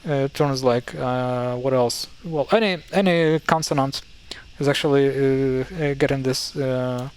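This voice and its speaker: A man's voice: mid-range voice, darkish tone, clean tone, rough recording. A man with a Ukrainian accent casually explaining how words are pronounced, stopping and correcting himself often. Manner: halting, self-correcting, thinks aloud. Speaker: language teacher.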